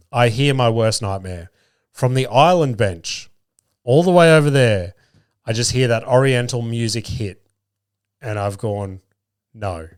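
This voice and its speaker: A man's voice: medium pitch, clear, resonant tone, no echo, clean studio sound. A man hosting a podcast, telling a rambling, sweary story about his week as a cabinet maker. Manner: swears freely, rambling with restarts. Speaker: podcast host. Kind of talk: casual storytelling monologue.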